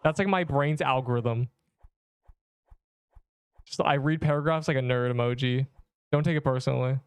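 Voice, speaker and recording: A man's voice: medium pitch, normal speed, clear, resonant tone, dry recording. A man in his twenties livestreaming a game, chatting casually and rambling as he reads chat messages aloud.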